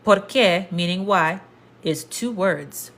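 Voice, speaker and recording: A woman's voice: on the low side, takes it slowly, a bit bright. A woman teaching a casual language lesson, explaining patiently and repeating points to the viewer. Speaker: Spanish teacher.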